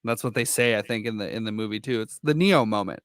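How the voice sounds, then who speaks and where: A man co-hosting a podcast, talking casually about a film in relaxed back-and-forth. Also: on the low side, clean tone, dry recording, studio quality. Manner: relaxed, agreeable, quick back-and-forth replies. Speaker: podcast co-host.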